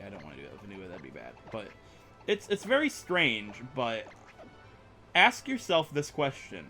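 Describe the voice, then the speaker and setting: Lively, bright-voiced young man gaming. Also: fairly high pitch, moderate pace, faint music behind. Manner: rambling, self-mocking, chatty. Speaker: gaming YouTuber. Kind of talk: let's play commentary.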